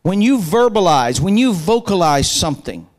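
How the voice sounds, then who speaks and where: High-voiced fervent male preacher. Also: very animated, moderate pace, rough recording. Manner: fervent, rises to shouted emphasis, call-and-response. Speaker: pastor. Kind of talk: sermon.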